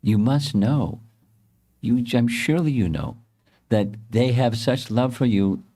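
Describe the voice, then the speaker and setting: A man voicing a loyal female friend who softly reassures her companion. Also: mid-range voice, measured pace, pitched above the performer's own voice. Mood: reassuring. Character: loyal gopi girlfriend, gentle and reassuring.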